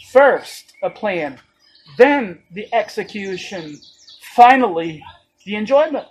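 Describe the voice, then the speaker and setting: Slow, emphatic preacher. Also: mid-range voice, breathy edge, poor audio. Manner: emphatic, with rhetorical questions. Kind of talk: sermon.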